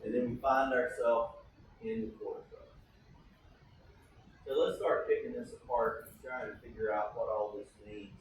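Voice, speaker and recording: A man's voice: medium pitch, measured pace, pauses often, heavy reverb, distant mic, slight background noise, rough recording. A man preaching a sermon as pastor, teaching in a conversational way and often checking in with the congregation. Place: church sanctuary.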